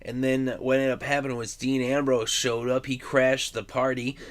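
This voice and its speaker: Brief: man in his twenties, vlogger recapping and giving opinions, loose rambling delivery, smooth clear voice. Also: mid-range voice, little pitch movement, normal speed. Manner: chatty, rambling, with many fillers. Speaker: wrestling commentary vlogger.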